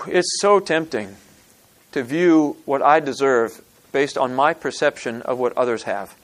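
A man preaching a sermon, retelling a parable with animated storytelling and acting out the characters' lines. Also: medium pitch, unhurried. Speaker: pastor.

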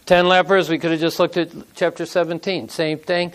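A man's voice: a little high, little pitch movement, fairly quick. A man in his sixties preaching a casual, folksy sermon, telling stories and acting out quotes in everyday speech. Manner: folksy, conversational, acts out quotes. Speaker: pastor.

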